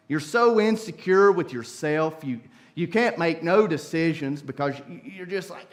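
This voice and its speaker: A man preaching a sermon in a church, swinging from soft, hushed pleas up to loud, impassioned climaxes. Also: on the high side, animated, a little slow, hardly any pauses. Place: church sanctuary.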